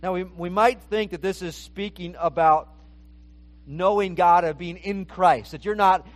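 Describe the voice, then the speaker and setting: A man with a notably high voice preaches a verse-by-verse sermon. He talks earnestly and often repeats a word as he restarts a phrase. He speaks in the manner of a pastor teaching his congregation. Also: steady tone, measured pace. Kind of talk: expository sermon.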